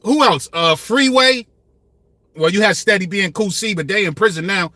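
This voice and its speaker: Fifties guy ranting about rap on his channel, high voice, sharp and bright, real passionate. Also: normal speed, no echo. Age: 50s. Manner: passionate, emphatic, street slang. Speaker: channel host. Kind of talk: passionate hip-hop commentary.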